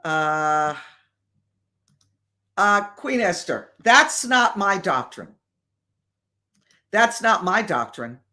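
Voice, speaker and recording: A woman hosting a live stream and answering viewer questions in a casual, deliberate way with many fillers. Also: fairly low pitch, sing-song, sharp tone.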